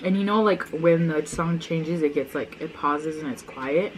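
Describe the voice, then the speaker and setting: A woman's voice: low voice, normal speed, a little hiss or hum, low-quality recording. A young woman casually telling childhood stories with her sister, chatty and full of "like" fillers. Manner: chatty, many "like" fillers, laughs often. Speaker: vlogger, older sister. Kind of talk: casual storytelling chat.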